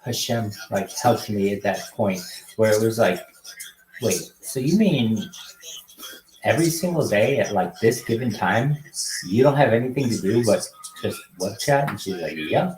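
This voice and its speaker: A young man hosting a casual livestream, greeting strangers on video chat with loud, excited calls. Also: on the low side, measured pace, a little hiss or hum. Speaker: livestream host. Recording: roomy echo.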